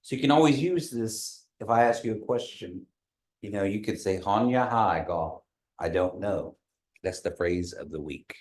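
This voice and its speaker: Patient low-voiced man teaching a class. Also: darkish tone. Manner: patient, encouraging, slows down to model tones. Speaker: language teacher.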